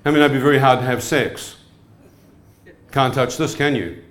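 Animated New preacher, echoey hall. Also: male voice, medium pitch, a little fast. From New Zealand. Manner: animated, asks the crowd questions. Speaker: evangelist. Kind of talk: sermon testimony.

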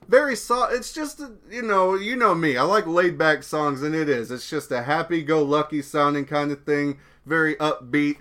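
Bright-voiced laid-back male podcaster. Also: a little high. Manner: laid-back, rambling, swears casually. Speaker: podcast host. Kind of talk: casual solo podcast talk.

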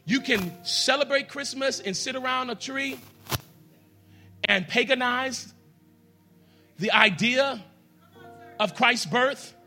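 High, bright-voiced man preaching a sermon. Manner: emphatic preaching that swings from hushed to loud; addresses the congregation directly, leads them in prayer. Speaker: pastor. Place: church.

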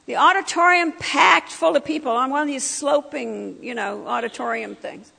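A woman's voice: sits high, normal speed, vocal fry, bright, forceful tone, slightly rough. A middle-aged woman giving her personal testimony at a church breakfast, telling the story vividly and acting out what people said. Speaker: guest speaker sharing her testimony. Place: church meeting hall. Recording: long hall reverb.

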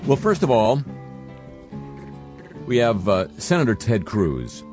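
An older man hosting a radio show, delivering dry, sardonic news commentary with halting fillers. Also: mid-range voice, big pitch swings, a little mellow, soft background music. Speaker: radio host.

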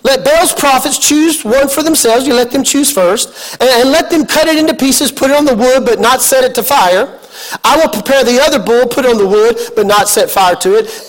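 A middle-aged man preaching an animated sermon, emphatic and joking, often building to a shout. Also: extremely high pitch, normal speed. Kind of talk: energetic sermon.

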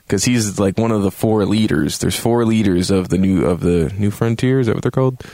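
A man's voice: fairly low pitch, brisk, hardly any pauses, warm tone, no echo, clean studio sound. A man hosting a game review show, rambling and joking with plenty of swearing.

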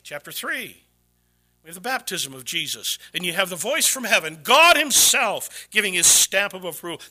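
A man pastor preaching a sermon in a church, dramatically shifting between hushed, low-spoken asides and loud, raised exclamations. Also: big pitch swings, moderate pace.

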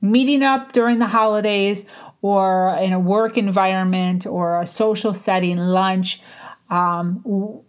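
A woman talks through her advice in a loose, unscripted way, full of "like" and "um" and restarted sentences. Her voice sits in an ordinary middle register. She stretches some words slowly and rushes through others, like someone teaching informally off the cuff. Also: mid-range voice, steady tone, clear, resonant tone. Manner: conversational, frequent fillers and restarts, varied tempo. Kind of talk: casual instructional talk.

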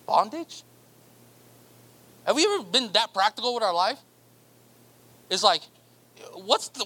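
A male pastor delivers an emphatic sermon full of rhetorical questions. His voice sits very high and sounds bright and forceful. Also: very animated, unhurried, long pauses, breathy edge.

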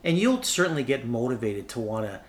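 A man with a middle-pitched voice talks like an inspirational speaker, full of passion. He builds his phrases to loud, high-pitched climaxes and hammers his main points home. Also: very animated, brisk. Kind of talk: enthusiastic motivational talk.

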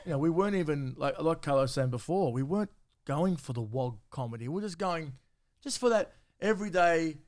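A man, chatting casually on a podcast, swearing freely and telling animated stories. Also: on the high side, brisk. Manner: swears freely, animated storytelling with acted-out quotes. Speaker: comedy group member, podcast guest.

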